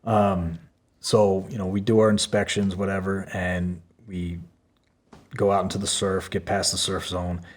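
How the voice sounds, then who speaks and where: Man, podcast guest, low voice, husky, casual profane storytelling, lots of fillers. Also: little pitch movement, a little slow. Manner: loose, profane, many fillers.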